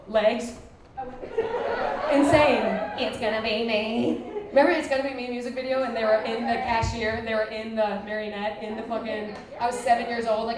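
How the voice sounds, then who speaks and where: Brash young woman doing stand-up, roomy and distant. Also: fairly high pitch. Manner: brash, crude and self-mocking, quick asides to the crowd. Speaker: stand-up comedian. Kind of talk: stand-up comedy with crowd work. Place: live comedy venue with a laughing audience. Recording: roomy live recording from a distance, crowd laughter.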